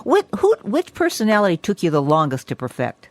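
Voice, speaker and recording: A woman hosting an interview, reacting with lively exclamations and laughter. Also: lowish voice, fairly quick, dry recording. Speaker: interview host. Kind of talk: casual interview.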